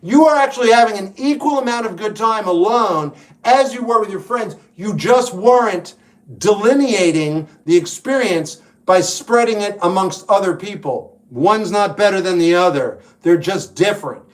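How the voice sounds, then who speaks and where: A high-pitched man from the New York / New Jersey area hosts a casual livestream, reading viewer comments and answering with blunt, wry advice. He's a livestream host and musician, speaking at a normal speed with lively intonation.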